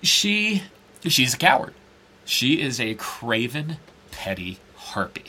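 A man's voice: mid-range voice, lively intonation, measured pace, pushed and bright, slight background noise. A man, a blogger, talking casually and bluntly, swearing and mimicking others in a mocking voice. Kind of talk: animated casual talk.

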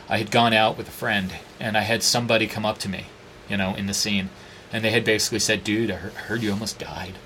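Guest, male, 40s: low-pitched, bright, forceful, foul-mouthed, animated raconteur. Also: a little hiss or hum. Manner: profane, animated, acts out quoted dialogue. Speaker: interview guest. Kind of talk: candid storytelling conversation.

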